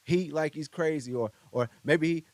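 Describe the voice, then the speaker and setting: This podcast host is a young man whose voice is on the high side, moving at normal speed with no echo. Sitting in a studio, he rambles through a story in relaxed, slangy casual commentary with plenty of asides.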